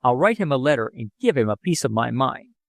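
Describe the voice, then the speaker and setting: A man doing a blustering, excitable father. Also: mid-range voice, brisk, gravelly, no room sound, clean studio sound. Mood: scolding. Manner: blustering, alarmed, scolding.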